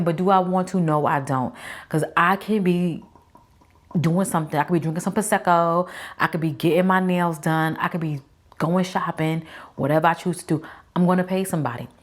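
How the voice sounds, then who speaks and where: A woman in her forties, hosting her own podcast and talking straight to her listeners in a chatty, emphatic way. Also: on the low side. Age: 40s. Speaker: podcast host. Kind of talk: casual talk to camera.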